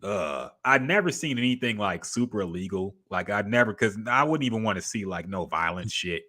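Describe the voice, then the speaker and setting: A man's voice: on the low side, animated, brisk, bright, forceful tone. A man co-hosting a podcast in casual chat, laid-back and profane, trailing off with fillers. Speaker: podcast co-host.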